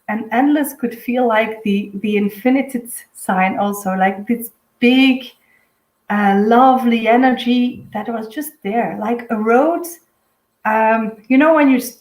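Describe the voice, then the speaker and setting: A woman with a Dutch accent, a native Dutch speaker, giving a live spiritual reading in a dreamy, halting way with many fillers. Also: fairly high pitch, echoey room, rough recording. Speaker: intuitive medium giving a weekly reading. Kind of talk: live-streamed spiritual reading, casual chat.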